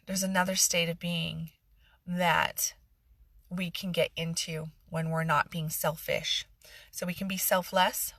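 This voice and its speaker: A woman's voice: fairly low pitch, measured pace, fairly bright tone, no room sound. A middle-aged woman coach giving a passionate motivational talk on a phone livestream, repeating phrases for emphasis and slipping into sarcasm. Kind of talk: live-streamed motivational talk.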